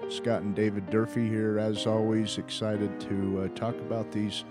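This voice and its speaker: A man hosting a religious podcast, friendly and relaxed, mostly giving brief affirming replies. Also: on the low side, moderate pace, over loud music. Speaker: podcast host. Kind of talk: casual religious discussion.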